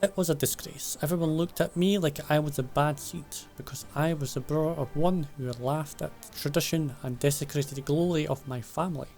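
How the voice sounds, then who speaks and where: A man reading game dialogue aloud as a proud male dwarf smith who is stern about family honour, in an earnest, measured way. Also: on the high side, steady tone, creaky, darkish tone, faint music behind.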